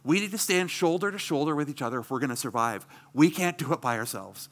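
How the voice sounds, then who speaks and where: A man's voice: on the high side, expressive, quick pace, fairly bright tone. A middle-aged man preaching a sermon as pastor, earnest and emphatic, asking rhetorical questions.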